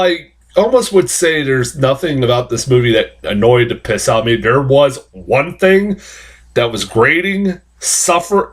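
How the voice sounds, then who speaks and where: A man giving a casual spoken film review, ranting and swearing in exasperation. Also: fairly high pitch. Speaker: movie reviewer.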